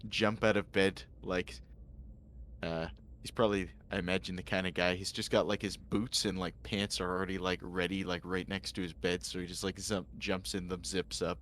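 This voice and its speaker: A man's voice: low-pitched, little pitch movement, moderate pace, fairly bright tone, slight background noise. A man playing in an online tabletop role-playing game, describing his character's actions with many hesitant fillers. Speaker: player. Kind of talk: casual tabletop play.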